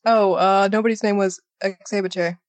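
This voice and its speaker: A woman's voice: medium pitch, fairly even intonation, moderate pace, no room sound. A woman co-hosting a podcast in casual chat, with a dry, sarcastic wit. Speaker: podcast co-host and editor.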